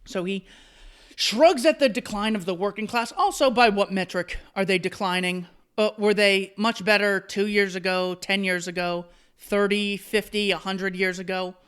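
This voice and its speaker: A man's voice: high-pitched, fairly even intonation, moderate pace, a bit bright, clear, resonant tone. A man hosting solo commentary, reading out an article and answering it with sarcastic, mocking asides. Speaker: commentary host.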